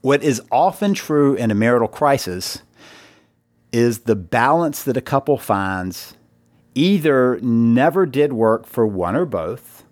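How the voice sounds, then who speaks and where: A man hosts a podcast in a loose, conversational monologue, with a middle-pitched voice. His delivery is easygoing and anecdotal. The recording is dry and close, with no room sound. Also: expressive, takes it slowly, a little mellow, dry recording. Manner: conversational storytelling with brief playful voices. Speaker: podcast host.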